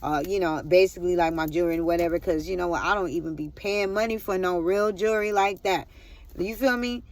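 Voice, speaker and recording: A woman's voice: lowish voice, fast talker, no room sound. Woman rambling through a personal testimony. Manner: rambling, repeats "I'm like", talks straight to viewers. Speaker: vlogger.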